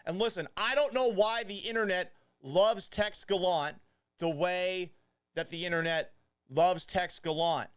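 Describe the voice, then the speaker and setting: Sports podcast dude cracking jokes at himself, smooth voice, dry close sound. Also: male voice, sits high, measured pace, no room sound. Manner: joking, self-mocking. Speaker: podcast host. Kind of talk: casual sports talk monologue.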